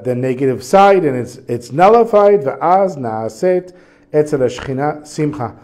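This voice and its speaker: A man teaching a class on a religious text, reading passages and translating them in a relaxed, conversational way. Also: mid-range voice. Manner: casual, reads Hebrew passages then translates. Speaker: Torah teacher.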